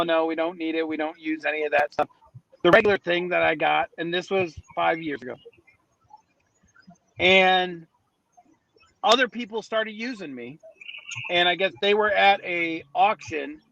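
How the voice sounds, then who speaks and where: Man, podcast guest, high-pitched, rambling storyteller, lots of restarts, muffled lo-fi sound. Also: vocal fry, a bit bright, slight background noise. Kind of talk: casual storytelling. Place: outdoors near a street in a city.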